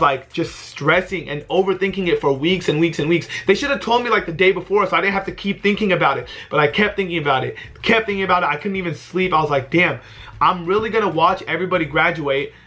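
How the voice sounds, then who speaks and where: A young man tells a casual storytime vlog with an animated, swearing, exasperated delivery. His voice is bright and forceful and sits a bit high. He climbs higher when he gets worked up. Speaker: vlogger.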